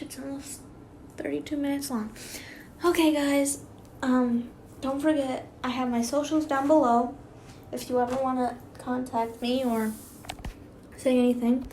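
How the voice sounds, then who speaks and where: Chatty woman reader, rambles and trips over words, somewhat high voice, faint background noise. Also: fairly even intonation, a little slow, pauses often, darkish tone. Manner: rambling, self-interrupting, giggly. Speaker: YouTube fan fiction reader. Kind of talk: casual read-aloud with chatty asides.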